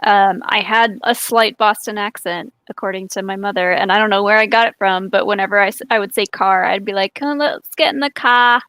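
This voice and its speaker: A young woman chats as a podcast co-host. She speaks with little room sound, often pausing and restarting her thoughts with fillers. Her tone is friendly. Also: mid-range voice, little pitch movement, a bit bright, dry recording. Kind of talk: casual live-stream chat.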